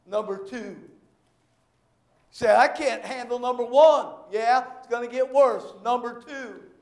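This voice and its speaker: A male pastor preaching a sermon, telling stories with animated shouted bursts. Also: extremely high pitch, a little slow, vocal fry, echoey room.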